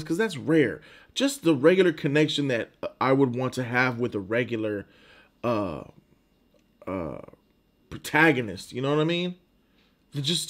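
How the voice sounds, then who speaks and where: A man's voice: a little high, a little mellow. A man giving a casual, emphatic movie review, informal and often restarting his words.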